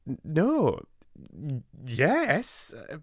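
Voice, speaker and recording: A man's voice: sits high, wildly swooping pitch, moderate pace, no echo, studio quality, voice pushed up. A man with a British accent voicing a timid, flustered plump middle-aged spinster who stammers and frets. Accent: British English. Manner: stammering, fluttery, tearful.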